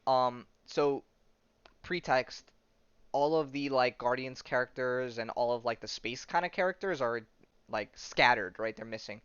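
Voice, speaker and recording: Rambling man recapping comics, smooth voice. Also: medium pitch, a little slow, a bit bright, no room sound. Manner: rambling, laughs at his own jokes. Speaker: podcast host. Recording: dull lo-fi sound.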